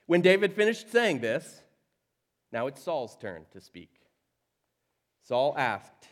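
A man preaching a sermon, telling a story with lively asides, quoted voices and laughs. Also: medium pitch, slow pace, long pauses. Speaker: pastor.

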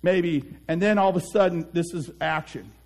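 A man speaking as a life coach in an earnest, animated motivational talk, acting out the people he quotes. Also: fairly high pitch, fairly quick.

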